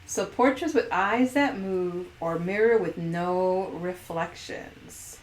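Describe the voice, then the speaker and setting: A woman's voice: on the low side, takes it slowly, slight background noise. Giggly female stream host, casual and playful, echoey room. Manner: playful, giggly, reads poll questions aloud. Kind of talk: casual livestream chat.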